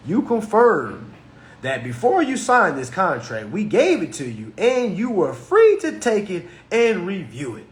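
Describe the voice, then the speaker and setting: A man's voice: sits high, wildly swooping pitch, measured pace, reverberant. A man in his thirties giving blunt, mocking talk on contracts, slipping into voices for imagined phone calls. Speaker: consumer finance commentator. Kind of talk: animated solo commentary.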